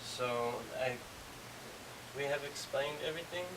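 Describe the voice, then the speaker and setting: A man's voice: medium pitch, measured pace. Guy teaching english, loose and rambly, mid voice, hissy far-off mic. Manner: casual, rambling explanations with many fillers. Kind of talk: explaining a language lesson.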